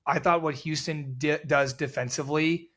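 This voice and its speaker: A man co-hosting a sports podcast, chatting casually and telling animated stories with blunt, profane opinions. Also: a little high, moderate pace. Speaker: podcast co-host.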